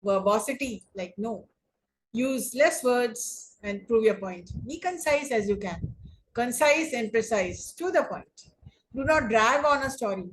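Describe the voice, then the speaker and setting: A woman teaching an online English class on debating, speaking deliberately and often rephrasing her points. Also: on the high side, animated, low-quality recording. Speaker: English lecturer.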